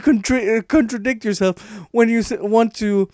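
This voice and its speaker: A man reacting to an article he reads aloud, frustrated and sarcastic, halting often with fillers. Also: high-pitched, steady tone, darkish tone, clear, resonant tone, no room sound, studio quality. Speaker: online commentator.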